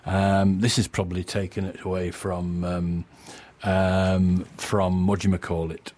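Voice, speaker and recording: A man's voice: sits low, level tone, unhurried, darkish tone. A man in his sixties presenting a casual radio show, rambling and chuckling at his own material. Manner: rambling, self-amused, chuckling often.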